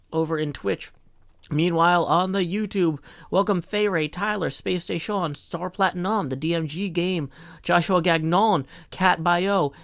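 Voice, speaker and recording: A man's voice: a little high, a bit bright. A man hosting a live stream in a casual, folksy, upbeat way, greeting viewers by name and walking them through his plans.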